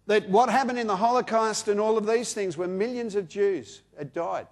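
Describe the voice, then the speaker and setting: A man's voice: sits high, moderate pace. An Australian man in his sixties preaching a sermon, repeating key phrases for emphasis and reading scripture aloud. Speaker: pastor.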